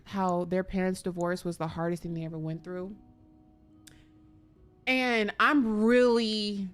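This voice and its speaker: A woman's voice: mid-range voice, clean tone. A woman streaming a game live, chatty and joking, talking to her chat. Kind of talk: casual live gameplay commentary.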